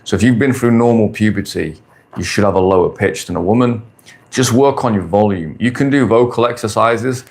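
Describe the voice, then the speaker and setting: A man in his forties with a fairly low voice, talking bluntly and crudely on a casual live stream. He speaks with brash confidence and drives his points home by saying them again and again. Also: a little fast, a little mellow. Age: 40s. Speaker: dating coach streamer. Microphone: phone or camera on a stand.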